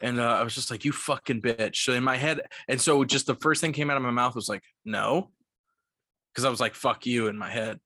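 Give me a young man with a bright edgy voice telling a profane, animated story on a podcast. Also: mid-range voice, quick pace, few pauses, no echo, studio quality. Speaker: podcast co-host. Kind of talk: casual storytelling.

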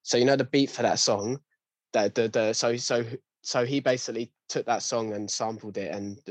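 A man's voice: medium pitch, steady tone, moderate pace, no echo. A young man in a casual chat, ranting with lots of slang and restarts.

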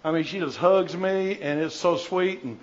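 An older man answers audience questions, spinning rambling, jokey stories with plenty of restarts. His voice sits a bit high for a man. The recording is dull and lo-fi. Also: normal speed. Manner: animated anecdotal storyteller, jokey, rambling with restarts. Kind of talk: informal Q&A talk with storytelling.

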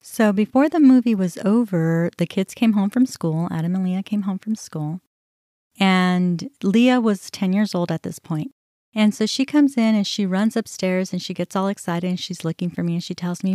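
A woman's voice: mid-range voice, moderate pace, warm tone, no room sound, studio quality. A middle-aged woman hosting a podcast, telling a personal story in a candid, conversational way with many fillers. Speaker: podcast host.

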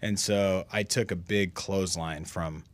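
A middle-aged man telling stories in a casual podcast chat, self-deprecating and halting, with many restarts. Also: low-pitched, steady tone, dry recording. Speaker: guest.

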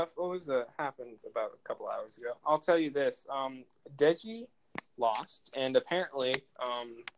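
A man's voice: medium pitch, poor audio. A young man co-hosting a casual podcast chat, rambling and laughing often. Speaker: podcast co-host.

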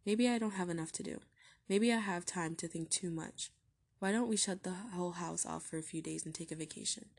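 A woman reading the part of an anxious young wife and mother in a story, speaking softly and pleading. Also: lowish voice, fairly quick, vocal fry, husky. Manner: soft, tearful and pleading.

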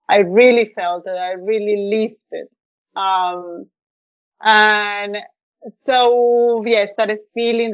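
A woman's voice: a little high, dry recording, highs cut off. A woman guest on a podcast, telling a personal story in an effusive, heartfelt way with plenty of fillers. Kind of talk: casual storytelling interview.

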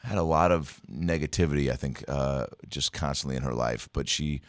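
A young man with a very deep voice tells rambling, profane school stories in loose, casual chat. The sound is dry and close. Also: normal speed, no echo. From Seattle area, USA. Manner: rambling, profane, puts on voices of old teachers.

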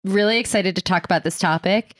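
A woman's voice: mid-range voice, brisk, no room sound, studio quality. A woman hosting a podcast, chatty and easygoing as she introduces her guest. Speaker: podcast host. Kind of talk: casual interview chat.

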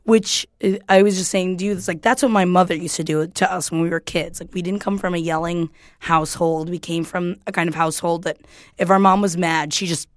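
A woman co-hosting a podcast in casual chat, blunt and animated, swearing freely as she retells arguments. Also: on the low side, fairly quick, no room sound, studio quality. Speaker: podcast co-host.

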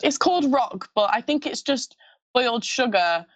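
A woman's voice: fairly high pitch, animated, moderate pace, no echo. A young woman with a mild Scottish accent, a pageant guest chatting in an interview in a bubbly, gushing way and laughing often. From Scottish roots, moved to the UK at sixteen. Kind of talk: casual interview chat. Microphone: video call.

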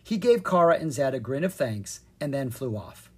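A narrator giving an expressive reading of a children's storybook. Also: mid-range voice, moderate pace, husky. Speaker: audiobook narrator.

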